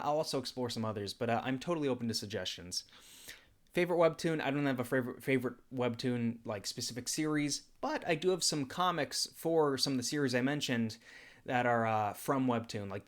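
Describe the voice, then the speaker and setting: A young man in a casual livestream Q&A, chatting at an easy, laid-back pace. His delivery is loose and relaxed, with plenty of "uh"s as he works through questions. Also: mid-range voice, a little fast. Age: young adult. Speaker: YouTuber and comic dubber.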